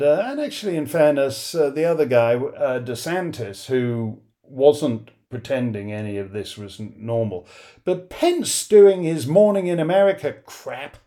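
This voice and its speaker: A man's voice: a little high, mellow. A middle-aged man hosting a live listener Q&A, sardonic and rambling, his voice beginning to give out. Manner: rambling, sardonic, with many fillers. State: losing his voice. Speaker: host.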